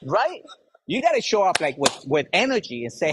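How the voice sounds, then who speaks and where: A man giving an energetic, motivational sales talk to a live audience, speaking straight to the crowd. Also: high voice, slight background noise. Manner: energetic, fast-talking, addresses the crowd directly. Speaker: sales coach leading a live workshop.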